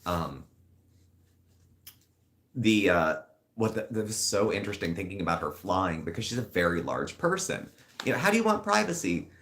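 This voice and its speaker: A man's voice: lowish voice, very animated, moderate pace, fairly bright tone. A man co-hosting a casual live-stream commentary show, chatty and sardonic, with sudden mocking asides. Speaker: commentary channel co-host.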